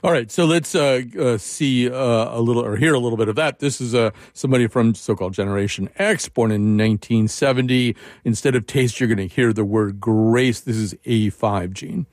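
A man's voice: mid-range voice, moderate pace, hardly any pauses, a little mellow, no echo, clean studio sound. A man hosting a radio interview, talking casually and introducing audio clips. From Northern US. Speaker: radio host.

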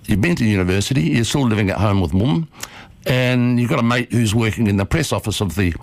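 A man, hosting a radio show and telling a story in a playful, quick way. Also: lowish voice, no echo. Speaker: radio host. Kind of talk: radio storytelling and interview intro. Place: radio studio. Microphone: studio microphone.

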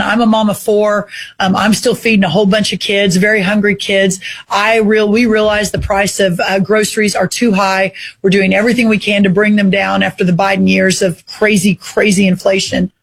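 Brief: woman official, husky, defensive talking-points delivery. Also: mid-range voice. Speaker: government spokesperson.

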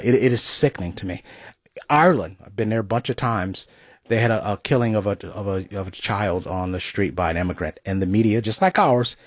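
Indignant male co-host, husky voice, dry studio sound. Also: on the low side, no room sound. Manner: indignant, emphatic, trailing off. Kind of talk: casual political chat.

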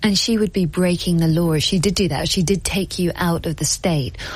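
A woman interviewer asking gentle, probing questions about a guest's past. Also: lowish voice, brisk, breathy edge.

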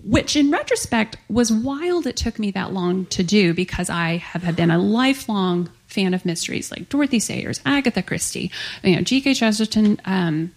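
A woman's voice: mid-range voice, lively intonation, moderate pace. A woman author talking casually in an onstage interview, chatty and full of fillers. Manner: chatty, many likes and ums. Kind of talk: conversational interview. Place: onstage at a live author event.

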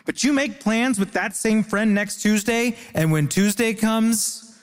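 High-voiced man riffing wryly on a stage. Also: unhurried, in a large hall. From Ontario, Canada. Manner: wry, rambling deadpan riffs. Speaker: comedian panelist. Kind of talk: stand-up style comic riffing. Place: theatre stage before a live audience.

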